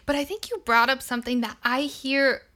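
A woman's voice: high voice, fairly even intonation, normal speed, pushed and bright. A woman hosting an interview who responds to her guest and picks up on her point. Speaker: host. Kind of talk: interview chat.

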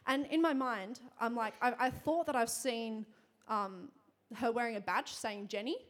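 A woman's voice: on the high side, a bit bright. Chatty young woman preaching with laughter. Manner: chatty, fast, laughing often, many fillers. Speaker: church speaker. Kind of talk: sermon with personal story.

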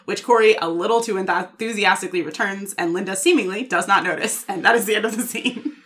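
A woman co-hosting a podcast, recapping scenes in lively storytelling and acting out the quoted lines. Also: medium pitch, quick pace. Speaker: podcast co-host.

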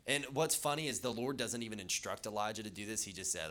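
Bright-voiced male youth pastor. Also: lowish voice, fairly quick, few pauses. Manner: chatty, loose, jokey asides with many fillers. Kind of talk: casual youth sermon.

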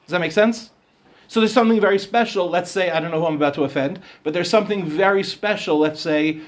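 A middle-aged man giving an informal Torah lecture as a rabbi, speaking conversationally and often asking his listeners questions. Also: high-pitched. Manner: conversational, asks the audience questions.

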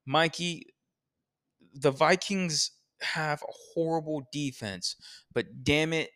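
Male podcast co-host, smooth voice, loose profane sports chatter. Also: a little high, slow, fairly bright tone. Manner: rambling, profane, opinionated. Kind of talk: casual sports chat.

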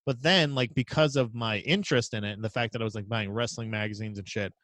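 A man's voice: on the low side, quick pace, dry recording. A man co-hosting a podcast, telling rambling, profane stories in casual chat. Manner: rambling, profane, animated storytelling. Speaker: podcast co-host.

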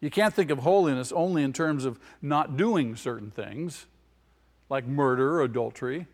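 A man's voice: medium pitch, moderate pace. A male pastor gives an emphatic sermon in a church hall. He repeats his key phrases and puts questions straight to the congregation. His voice carries a long hall reverb around it.

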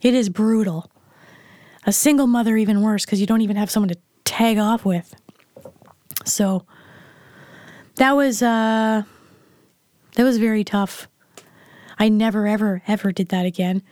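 A woman's voice: mid-range voice, steady tone, unhurried, pauses often, a little mellow, no echo. Frank middle-aged woman, dry sound. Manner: frank and blunt, plain-spoken. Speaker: interview guest, mother of the host. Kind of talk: candid personal storytelling.

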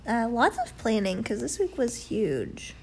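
A woman's voice: on the high side, wildly swooping pitch, a little mellow, slight background noise. A young woman chatting casually and playfully, joking and giggling as she recaps a church trip. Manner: playful, giggly, quick to joke. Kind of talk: casual chat.

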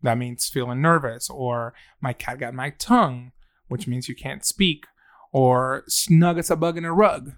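A man's voice: medium pitch, a little slow, no echo, clean studio sound. A man co-hosting a casual chat, playful and joking, who drops easily into Spanish phrases. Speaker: podcast co-host.

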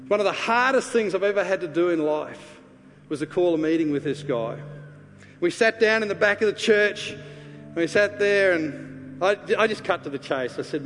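A man preaching a sermon, earnestly telling a personal story and then leading a quiet prayer. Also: sits high, animated, moderate pace, a little hiss or hum. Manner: earnest, confessional, drops to a hushed voice for prayer. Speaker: pastor. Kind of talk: sermon with personal testimony and altar call. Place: church sanctuary. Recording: reverberant church hall with faint ambience.

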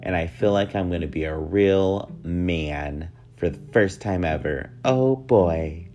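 A man's voice: deep voice, fairly even intonation, unhurried, darkish tone, highs cut off. A man in his thirties with a nasal voice, hosting a casual solo podcast in a joking, rambling way that often mocks himself. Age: 30s. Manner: joking, rambling, self-mocking. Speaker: podcast host.

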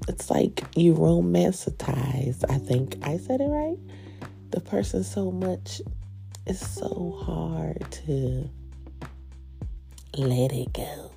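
A woman's voice: low-pitched, big pitch swings, takes it slowly, creaky, long pauses, warm tone, soft background music. A laid-back woman hosting a podcast in casual chat, sounding stuffy and nasal from phlegm and laughing often. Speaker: podcast host.

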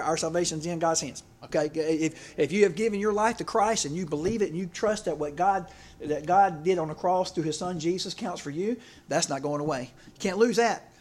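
Guy preaching a sermon, kinda higher voice, chatty, keeps asking for amens and repeating himself. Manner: conversational, repeats words, asks congregation for amens. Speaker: pastor.

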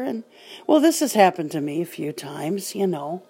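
A woman's voice: mid-range voice, normal speed, warm tone, slightly rough. An older woman hosting a podcast, telling stories in a casual, wry and dryly humorous way. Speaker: podcast host.

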